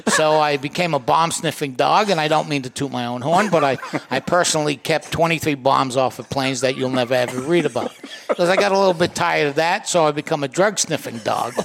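A man's voice: a little high, fairly quick, gravelly, fairly bright tone, a little hiss or hum. A man voicing a boastful talking dog who rambles through tall tales about his heroic career. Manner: rambling, self-congratulating tall tale.

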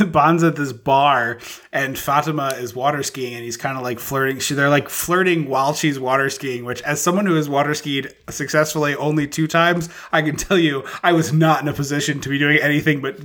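A man's voice: a little high, steady tone, brisk, fairly bright tone. Casual jokey man with a raised voice. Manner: jokey, laughs often, puts on silly voices. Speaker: podcast co-host. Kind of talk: casual chat.

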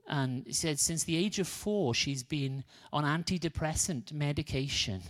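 A man preaching a sermon, telling a healing story and acting out the people in it. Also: a little high. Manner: animated, acts out the quoted people. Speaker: guest preacher.

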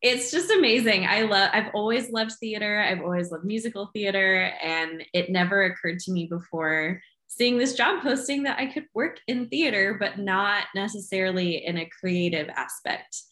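A woman's voice: medium pitch, normal speed, sharp tone, roomy sound. A woman co-hosting a podcast in casual chat over a video call, giggly and earnest, talking from home. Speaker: podcast co-host. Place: home in Los Angeles, remote call.

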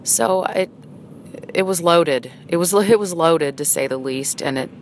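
A middle-aged woman telling a personal story in a halting, hesitant, earnest way. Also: on the low side. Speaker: vlogger. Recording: noisy, with vehicle sounds behind.

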